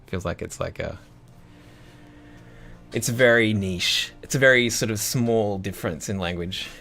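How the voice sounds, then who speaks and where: A young Australian composer streams live, going through viewer messages in a laid-back, wandering chat full of laughs. His lowish voice is gravelly yet bright, unhurried but forceful.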